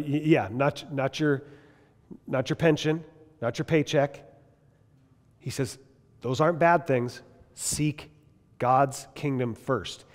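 Lively male Bible teacher in a reverberant hall. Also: medium pitch. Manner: lively, conversational teaching with rhetorical questions. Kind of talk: classroom Bible lesson. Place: large classroom or hall.

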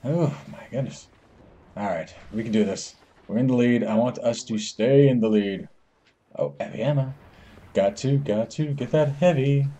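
A man's voice: medium pitch, normal speed, dark tone, muffled recording. A young man casually commenting on his own online match as a gaming channel host, playful and self-mocking, often exclaiming in surprise. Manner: playful, exclaims "oh my goodness", chuckles at himself.

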